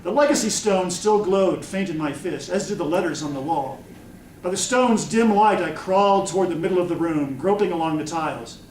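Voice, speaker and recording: A man's voice: high voice, normal speed, a little hiss or hum. Man reading his novel aloud. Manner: expressive first-person narration. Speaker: author. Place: convention room. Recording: echoey room, mic from far off.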